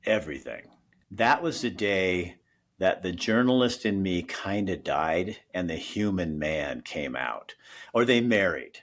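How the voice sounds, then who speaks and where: A man's voice: deep voice, expressive, a little slow. A middle-aged man, a former news anchor, telling an emotional story in an earnest way as a guest in a conversation.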